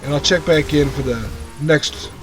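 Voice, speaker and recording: A man's voice: a little high, normal speed, over music. A man hosting his own gaming channel, talking casually over gameplay, chatty and self-mocking with frequent laughs. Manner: lively sing-song show intros.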